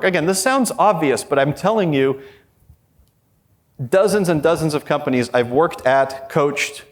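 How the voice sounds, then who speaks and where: A man presenting a conference workshop, talking energetically and addressing the audience directly. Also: fairly high pitch. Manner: quotes imagined people in a raised voice.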